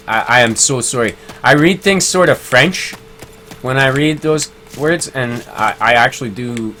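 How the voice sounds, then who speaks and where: A man's voice: medium pitch, bright, forceful tone. A man streaming a game live, chatting casually, reading viewer comments aloud and laughing easily. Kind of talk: casual live-stream chat while gaming.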